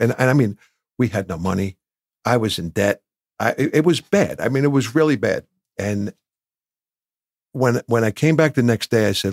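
A man's voice: fairly low pitch, expressive, normal speed, a little mellow, no echo, studio quality. A man in his sixties from New Jersey, a podcast guest telling candid personal stories with emotion and acting out what others said. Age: 60s. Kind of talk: candid storytelling.

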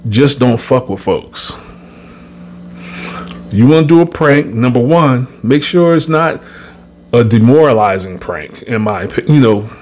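Blunt, profane man telling a story. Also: mid-range voice. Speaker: podcast host. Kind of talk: casual podcast storytelling and commentary.

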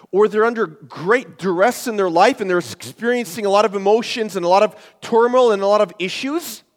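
High-voiced male pastor, emphatic preaching. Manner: emphatic, rhetorical questions, shifts between loud and hushed. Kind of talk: sermon. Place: church sanctuary. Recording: long hall reverb.

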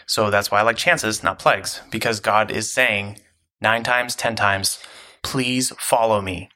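A podcast co-host talks through an idea in easy, casual chat with plenty of filler words. The voice sounds bright and forward. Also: mid-range voice, a little slow. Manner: relaxed, with filler words, explaining.

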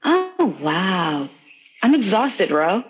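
A woman who is a guest on a casual podcast, talking candidly and emotionally about herself with quick exclamations. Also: mid-range voice, big pitch swings, poor audio.

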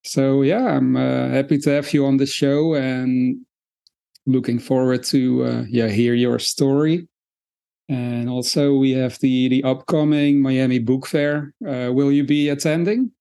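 A man's voice: medium pitch, steady tone, measured pace, gravelly, dark tone, smooth. A man hosting a podcast, asking questions with a hesitant manner and many fillers. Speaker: podcast host. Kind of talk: interview questions.

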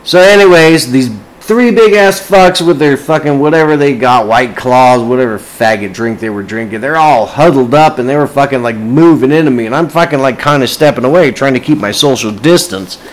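A man's voice: medium pitch, moderate pace, hardly any pauses, low-quality recording. Profane, agitated man ranting to camera. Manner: profane, agitated, swears constantly. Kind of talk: casual rant to camera.

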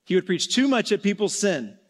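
A man preaching a sermon in an earnest way, slowing and dropping soft for emphasis, then rising again. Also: high-pitched, very animated. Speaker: pastor.

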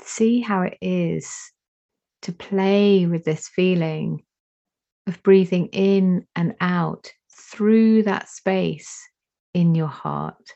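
Slow, low, gravelly woman guiding meditation. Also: mellow. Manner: slow soothing instructions with long pauses. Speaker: meditation teacher. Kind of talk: guided meditation. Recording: dull lo-fi recording.

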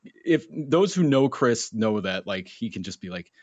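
A young man co-hosting a sports podcast, telling a story in a casual, animated way and acting out the voices in it. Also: medium pitch, a little slow, no room sound. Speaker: podcast co-host. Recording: dull lo-fi sound, dry.

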